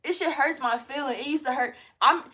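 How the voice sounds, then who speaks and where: A woman's voice: sits high, fairly quick, pushed and bright. A young woman hosting a spiritual self-help talk from home, mixing blunt, profane, laughing chatter with read-aloud guidance. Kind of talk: casual spiritual pep talk to viewers.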